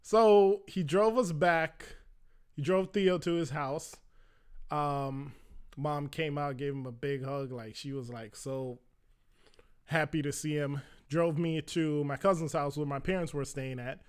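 A young man tells a story from his own life in a loose, conversational style. His voice sits a bit high for a man, and he often stops on filler words. He jumps into the voices of the people in his story as he tells it. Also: a little slow, smooth. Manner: conversational, lots of "like" fillers, acts out quoted voices. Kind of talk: casual personal storytelling.

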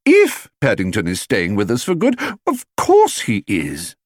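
A man's voice: mid-range voice, wildly swooping pitch, unhurried, husky, no echo, clean studio sound, pitched above the performer's own voice, full character voice. A man doing an earnest pipe-smoking dad. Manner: earnest, slightly vague, hasty. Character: earnest middle-aged father with moustache and pipe.

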